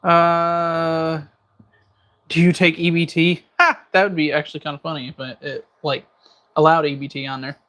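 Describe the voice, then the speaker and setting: A man's voice: on the high side, little pitch movement, moderate pace, pushed and bright. Jokey man chatting while he cooks. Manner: jokey banter, reading viewer comments aloud. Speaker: livestream host. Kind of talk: casual livestream chat while cooking.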